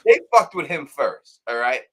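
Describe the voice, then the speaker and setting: A man's voice: mid-range voice, normal speed. A man hosting a live call-in stream, chatting casually and animatedly. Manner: animated, laughing, acts out characters. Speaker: show host.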